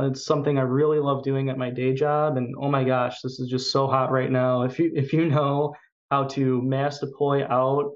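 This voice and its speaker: An eager man with a Chicago accent presents a tech talk at mid pitch, peppering his explanations with "uh" and "you know". The recording sounds a bit dull and lo-fi. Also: darkish tone. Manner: enthusiastic, with frequent fillers. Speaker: conference speaker.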